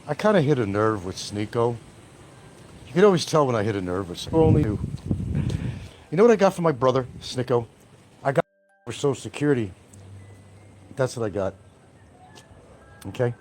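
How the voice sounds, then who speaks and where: A man's voice: mid-range voice, very animated, normal speed, pauses often, a little mellow, slight background noise. A man hosting a livestream, rambling in a brash, taunting, trash-talking way. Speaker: livestream host.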